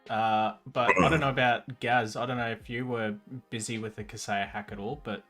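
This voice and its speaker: A man hosting a casual live stream chat, relaxed and loose, with many fillers. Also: fairly low pitch, moderate pace, faint music behind. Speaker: host. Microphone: online voice chat mic.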